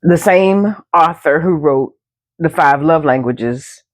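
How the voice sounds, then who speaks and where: A woman podcast co-host chatting with a friend, playful and quick to laugh. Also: low voice, no echo. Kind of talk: casual chat between friends.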